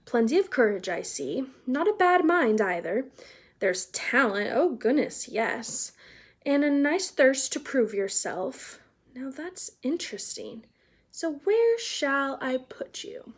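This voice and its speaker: A woman voicing a wise old male talking hat in a storybook reading, speaking in a soft, musing, half-whispered way. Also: sits high, big pitch swings, slow pace, husky, voice pushed up, heavily acted.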